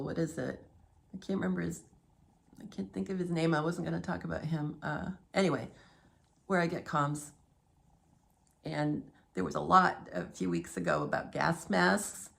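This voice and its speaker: Middle-aged woman, low gravelly voice, chatty rambling home vlogger who laughs a lot. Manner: chatty and digressive, laughing often. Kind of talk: rambling casual monologue.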